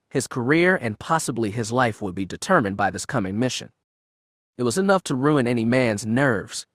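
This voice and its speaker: A man's voice: mid-range voice, no room sound, studio quality. A man reading a science-fiction audiobook aloud, shading his voice a little for each character. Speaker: audiobook narrator. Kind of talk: scripted audiobook narration.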